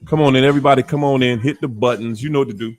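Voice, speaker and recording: A man hosting a livestream Q&A, greeting viewers one by one in a drawn-out hype-man manner with sudden whoops. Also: medium pitch, faint music behind. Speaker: livestream host.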